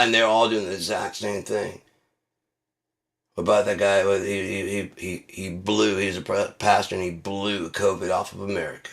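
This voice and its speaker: A man's voice: low voice, flat delivery, a little slow. A man hosting his own channel, delivering a profane, heated, mocking rant. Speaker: channel host. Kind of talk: ranting monologue.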